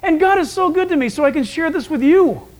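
A male pastor preaching a Bible-teaching sermon in an animated, emphatic way, acting out the voices of people in his stories. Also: very high-pitched, brisk. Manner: animated, emphatic storytelling that acts out quoted voices. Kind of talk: expository sermon.

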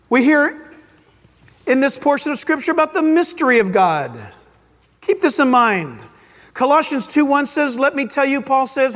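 A pastor preaching a sermon, animated and dramatic, acting out little voices as he teaches. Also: very high-pitched. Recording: long hall reverb.

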